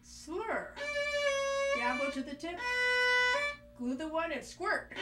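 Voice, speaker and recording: A woman's voice: high-pitched, animated, slow, long pauses, over loud music. A woman teaching violin, counting beats aloud and calling out short cues like "glue" and "squirt" while she plays. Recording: echoey room, mic at a distance. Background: violin playing along.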